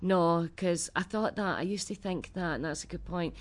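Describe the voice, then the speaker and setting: A woman in her forties with a Glaswegian Scottish accent, a comedian chatting as a radio interview guest in a quick-witted, self-deprecating way. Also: fairly low pitch. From Scotland. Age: 40s. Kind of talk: casual radio interview chat.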